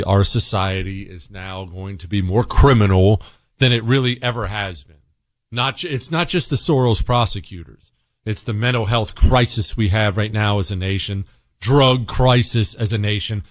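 A middle-aged talk radio host with a fairly low pitch and normal speed tells stories in an animated, emphatic way, throwing in self-mocking asides.

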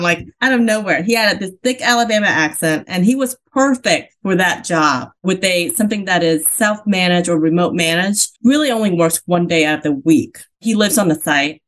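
Brief: female guest, fairly low voice, chatty storyteller, laughs easily. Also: a bit bright. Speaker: podcast guest, real estate investor. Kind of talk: casual interview chat.

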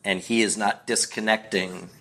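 This middle-aged man from the United States is a guest on a casual podcast, wandering through anecdotes and doing voices for the people in them. His voice is lowish and slightly bright, with fairly even intonation and a moderate pace.

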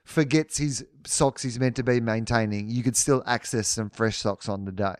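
A man's voice: mid-range voice, fairly even intonation, moderate pace, no room sound, studio quality. A man co-hosting a sports podcast, chatting casually and rambling through his questions. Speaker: podcast co-host. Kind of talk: casual chat, mock interview.

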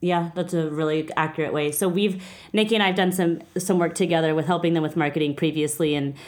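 A woman's voice: low-pitched, fairly even intonation, fast, darkish tone. A woman hosting a casual interview, talking earnestly and getting emotional at times. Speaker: podcast host.

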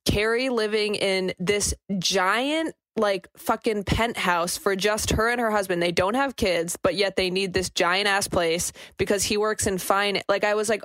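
A young woman co-hosts a podcast in loose, casual chat. She riffs sarcastically, acting out little quoted asides. Her mid-pitched voice sounds dry and close, with no room around it. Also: steady tone, unhurried, fairly bright tone, no echo. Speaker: podcast co-host.

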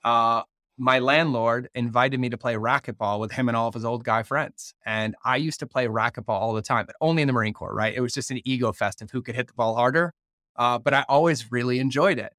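A man in his thirties with a mid-pitched voice hosts a podcast and speaks earnestly and reflectively. The sound is dry and close. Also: a little fast, pushed and bright, no room sound. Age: 30s. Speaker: podcast host. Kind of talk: conversational podcast interview.

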